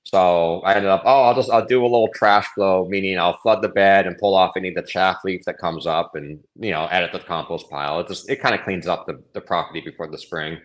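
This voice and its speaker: Low-voiced man rambling in casual chat. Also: steady tone, a little fast, hardly any pauses. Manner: rambling, hesitant telling. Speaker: cranberry grower, guest.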